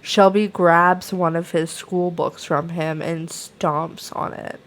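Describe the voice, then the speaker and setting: A young adult woman with a slightly low voice co-hosts a relaxed book review. She rambles through her thoughts, stacking fillers and restarting sentences. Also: slow pace. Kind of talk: casual book chat.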